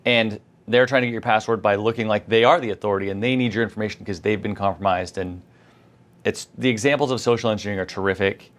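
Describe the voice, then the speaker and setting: Male co-host, low voice, rapid chatty anecdotes. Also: fairly even intonation, a bit bright. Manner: quick, chatty, storytelling with quoted asides. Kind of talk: conversational tech lesson.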